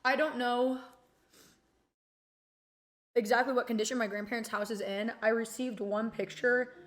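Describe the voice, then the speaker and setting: Chatty woman streamer, slightly high voice. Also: steady tone, moderate pace. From Texas. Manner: rambling, chatty, emotional, swears casually. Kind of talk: casual chat.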